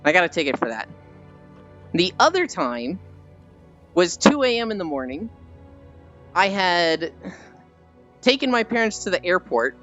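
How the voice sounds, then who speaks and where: Young streamer rambling animated stories to chat, swears a lot, soft music behind, kinda dull audio. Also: mid-range voice, unhurried, long pauses. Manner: animated storytelling, swears freely. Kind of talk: casual chat with stream viewers.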